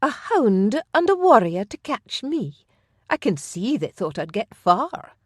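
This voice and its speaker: A woman voicing a fiery young noblewoman, defiant, sharp and scornful. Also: fairly high pitch, expressive, moderate pace, no echo, clean studio sound, voice pushed up. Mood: wary.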